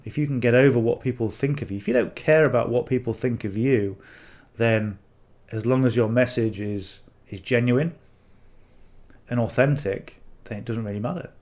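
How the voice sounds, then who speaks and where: A middle-aged man with a northern English accent, an affiliate marketing coach, rambles casually to camera, dropping in "okay?" and "you know" as he coaches. His voice is medium in pitch and darkish in tone, and he talks at a normal speed.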